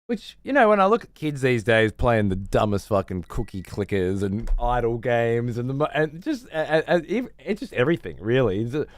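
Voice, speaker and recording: A man's voice: mid-range voice, no echo. An Australian man streaming live, ranting in a rambling, profane and sarcastic way. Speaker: livestreamer. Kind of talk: casual livestream rant.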